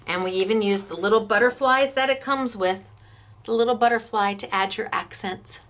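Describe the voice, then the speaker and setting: A woman's voice: mid-range voice, normal speed, fairly bright tone. An American woman who runs a craft shop, chatting enthusiastically as she demonstrates stamps and dies and gushes over the samples.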